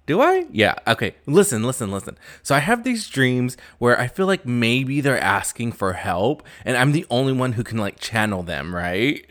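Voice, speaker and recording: Man, young adult, campy chatty gossip host, sassy delivery, middle pitch, podcast mic. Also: very animated, moderate pace, few pauses, fairly bright tone. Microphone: new podcast mic.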